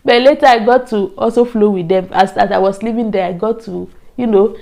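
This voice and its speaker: A woman from Nigeria with a Nigerian English accent that slips toward Ghanaian, telling a lively, expressive story in a casual storytime chat. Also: medium pitch, brisk, vocal fry. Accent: Nigerian English, mixed with Ghanaian. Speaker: vlogger.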